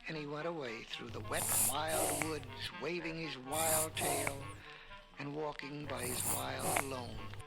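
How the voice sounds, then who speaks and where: A man narrating a children's story on an old record, in slow, lilting, drawn-out phrases. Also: fairly high pitch, fairly even intonation, gravelly. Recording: crackly vinyl record under loud music.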